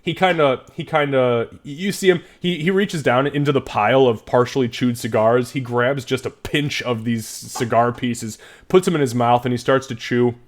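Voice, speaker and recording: A man runs a tabletop game, narrating at an average pitch. His delivery is loose and casual, with frequent restarts. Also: normal speed, hardly any pauses. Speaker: game master.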